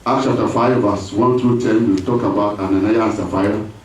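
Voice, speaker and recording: A man preaching a sermon as pastor, lively, with call-and-response and acted voices. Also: lowish voice, a little fast, slight background noise. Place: church hall. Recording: echoey church hall from far off.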